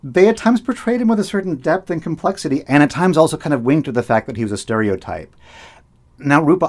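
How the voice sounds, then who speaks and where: A man who hosts public radio, talking in casual conversation and often repeating words as he thinks aloud. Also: medium pitch. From United States. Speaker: public radio host, guest.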